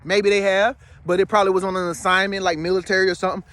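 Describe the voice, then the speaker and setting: A man with a notably high voice talks straight to his viewers in a loose, slangy monologue. He is emphatic and rambling, and keeps checking in with his listener. The sound is close and dry. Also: level tone, rapid-fire, fairly bright tone, no room sound. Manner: slangy, streetwise. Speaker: spiritual vlogger. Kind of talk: casual monologue to camera.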